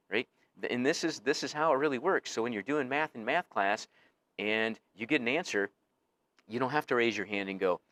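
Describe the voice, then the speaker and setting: A man's voice: medium pitch, fairly quick, fairly bright tone, no room sound. A male teacher giving a casual recorded lecture, explaining things conversationally with frequent fillers.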